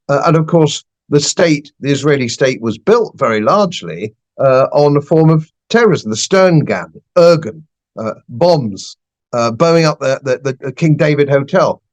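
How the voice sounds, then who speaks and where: An older man, a podcast guest giving blunt, emphatic political opinions and repeating phrases for stress. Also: fairly high pitch.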